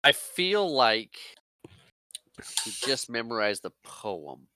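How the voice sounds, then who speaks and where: Bright-voiced man who laughs a lot. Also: medium pitch, very animated, takes it slowly, slight background noise. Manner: laughs often, chimes in with trivia. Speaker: podcast co-host. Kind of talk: casual movie chat.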